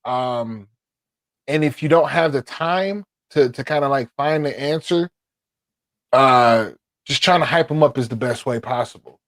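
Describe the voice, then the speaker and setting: A man co-hosting a podcast, offering advice slowly and thoughtfully with many fillers. His voice sits in a middle pitch, and the recording is dry and close. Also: fairly bright tone, no room sound. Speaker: podcast co-host, father. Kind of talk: casual chat, giving advice.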